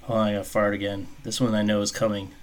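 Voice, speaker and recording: A man's voice: on the low side, level tone, fast talker. A man co-hosting a podcast at a microphone, crude and jokey, often laughing at his own jokes. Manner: crass, jokey, breaks into laughter. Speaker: podcast co-host. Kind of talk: crude comedic banter. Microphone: desk microphone.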